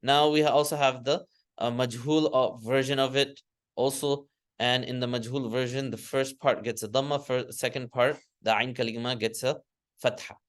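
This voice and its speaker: In a classroom, a man explains Arabic grammar step by step, his voice medium-pitched and steady at a normal speed. He keeps correcting himself and leads students in repeating chanted word forms.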